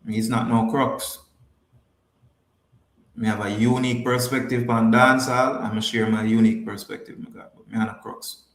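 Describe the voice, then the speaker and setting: A man's voice: on the low side, flat delivery, normal speed, echoey room. A man with a Jamaican accent hosting a podcast, chatting casually with viewers and repeating his points for emphasis. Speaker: podcast host. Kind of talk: casual livestream chat, answering viewers.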